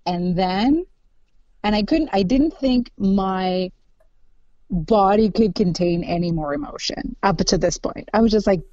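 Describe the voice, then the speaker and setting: Slow-talking woman, dull dry sound. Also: mid-range voice, warm tone, dry recording. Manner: gushing, laughs often, lots of "like". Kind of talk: casual chat.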